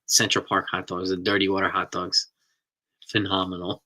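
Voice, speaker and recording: A man's voice: low voice, monotone, moderate pace, bright, forceful tone. A middle-aged man, hosting a live stream and chatting casually with viewers, rambling and enthusiastic. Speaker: host reading live chat.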